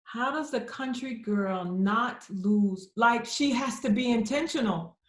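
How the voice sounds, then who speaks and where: A middle-aged woman poet talks through audience questions on a video call, her slightly high voice ringing in a roomy, echoing space. She tells stories with feeling and slips into the voices of the people she quotes. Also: slow. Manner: animated storyteller acting out quoted voices. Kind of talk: conversational Q&A at a virtual book launch. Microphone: computer mic on a video call.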